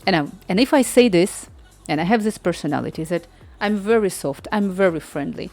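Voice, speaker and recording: A woman vlogger telling a story in casual non-native English, acting out the people in it with lively quoted voices. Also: fairly low pitch, fairly quick, faint music behind. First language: not Spanish.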